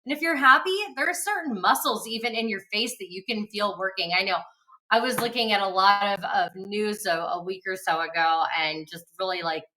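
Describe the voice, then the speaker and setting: A woman's voice: medium pitch, a little fast, sharp tone, far from the mic, low-quality recording. A woman co-hosting a casual motivational chat in an upbeat, encouraging way. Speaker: co-host.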